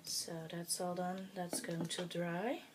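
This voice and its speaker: A woman whose first language is Dutch speaks slowly in a lowish, level voice over background noise. As a craft tutorial host, she talks through a project casually and hesitantly, with many fillers, muttering to herself as she works.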